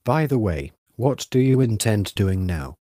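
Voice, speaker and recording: Guy doing an old fisherman, thin voice, nosy and wary, lowish. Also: sing-song, measured pace, dark tone, no room sound, clean studio sound. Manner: probing, suspicious questions. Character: old male village fisherman, wrinkled, wary.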